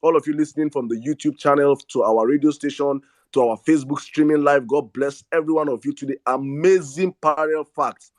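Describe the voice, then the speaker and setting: A man's voice: a little high, steady tone, fairly quick, no echo, studio quality. A man with a Nigerian accent hosting a live online audio space, speaking with passion, often repeating words and slipping into Pidgin. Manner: impassioned, repeats words and restarts; slips into Pidgin. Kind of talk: rallying live-stream talk.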